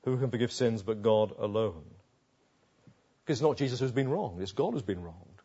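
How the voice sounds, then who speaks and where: A man's voice: fairly low pitch, animated, moderate pace, mellow, slightly rough, highs cut off. A man preaching a sermon on a Bible passage, retelling it vividly and asking the listeners rhetorical questions.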